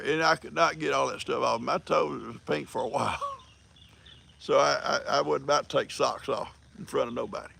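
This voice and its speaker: A man's voice: mid-range voice, normal speed, gravelly, bright, forceful tone, breathy edge. An older man with a country accent, hosting a livestream in folksy, rambling casual chat and reading viewer comments. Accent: American country. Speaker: livestream host.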